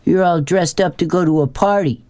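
A man's voice: sits high, normal speed, darkish tone, pitched above the performer's own voice, natural voice. A man voicing a taunting rural bully boy with jeering slang. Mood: mocking.

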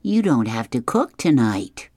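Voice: mid-range voice, big pitch swings, unhurried, darkish tone, no echo. A reader voicing a smug, lazy cartoon cat.

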